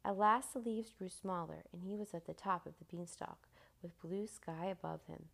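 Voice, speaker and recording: A woman reads a children's storybook aloud with steady, expressive storytelling. Her voice sits a little low and has a gravelly grain. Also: normal speed. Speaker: narrator.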